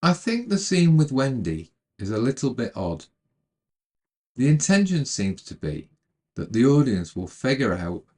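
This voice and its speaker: A man narrating a retelling of a film's plot in a calm, measured way, then adding his own commentary. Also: fairly low pitch. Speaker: storyteller retelling a film.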